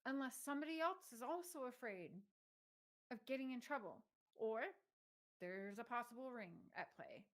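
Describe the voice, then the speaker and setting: Brief: fairly high-voiced woman, indignant commentator reading texts, swears freely. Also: normal speed, fairly bright tone, poor audio. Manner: indignant, swearing, reads messages aloud. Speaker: true crime commentator.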